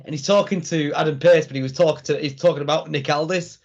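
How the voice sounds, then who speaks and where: Man, gravelly fry in the voice, rambling podcast co-host, dull lo-fi recording. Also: a little high, fairly even intonation, fast talker. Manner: rambling, restarts and stumbles. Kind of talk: casual review chat. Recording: dull lo-fi sound.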